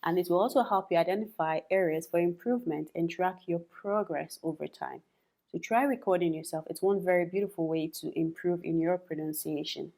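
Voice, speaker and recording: A woman's voice: lowish voice, a little fast, vocal fry, mellow. Chatty woman teaching English pronunciation. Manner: chatty, repeats words for practice, laughs often. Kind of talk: casual spoken lesson.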